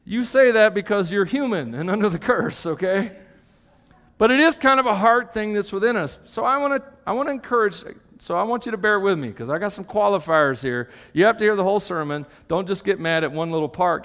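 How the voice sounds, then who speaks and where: A man's voice: high voice, lively intonation, fairly quick, a bit bright. A man preaching a live sermon to a congregation, emphatic, tagging his points with "okay?" and joking asides. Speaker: pastor. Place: church hall with an audience. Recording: long reverb of a church hall.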